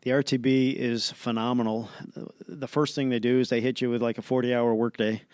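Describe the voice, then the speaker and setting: A man recounts an experience in an animated, play-by-play way, full of fillers and quick restarts. His voice is smooth and resonant at a middle pitch. The sound is dry and close, with no room around it. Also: no room sound. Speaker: astronaut guest. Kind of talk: casual storytelling in an interview.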